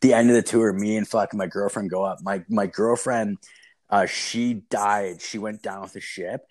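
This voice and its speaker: A man's voice: lowish voice, fairly even intonation, normal speed, a little mellow. A young man telling a rambling, profanity-filled story in casual chat, full of "like" fillers.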